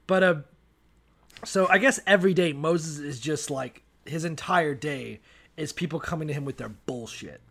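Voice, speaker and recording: Male co-host, raised pitch, jokey and swearing, quick to laugh. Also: creaky, fairly bright tone, slightly rough. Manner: profane, laughs often, does mock voices. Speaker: podcast co-host. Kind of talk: casual comedic chat.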